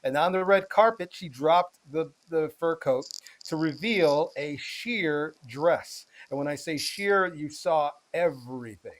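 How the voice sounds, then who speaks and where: A man's voice: a little high, a little slow, few pauses. A man co-hosting a podcast, explaining celebrity news in a loose, chatty way full of filler sounds. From United States. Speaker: podcast co-host. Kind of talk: casual chat.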